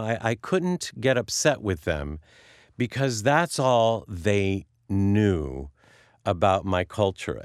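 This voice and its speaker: Earnest radio host, dry studio sound. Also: male voice, mid-range voice, clean tone, no echo. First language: Sicilian. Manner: earnest, emotional, frequent restarts. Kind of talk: heartfelt storytelling talk show.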